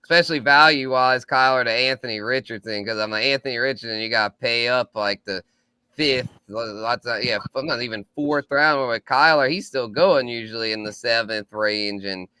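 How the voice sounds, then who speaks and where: A man's voice: mid-range voice, normal speed, pushed and bright, smooth, no echo. A man hosting a casual sports podcast, laid-back and thinking aloud with frequent restarts. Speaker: podcast host.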